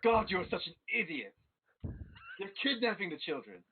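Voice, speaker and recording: A man's voice: a little high, normal speed, slight background noise, lightly acted. A man voicing an irritable old male master who scolds and smacks his pupil. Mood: exasperated. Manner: exasperated, scolding. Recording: tinny phone-like audio.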